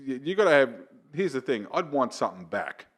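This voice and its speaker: Australian man telling animated stories. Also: mid-range voice, fairly quick. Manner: animated storyteller, slips into voices for quotes. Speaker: comedian guest. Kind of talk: casual podcast chat, storytelling.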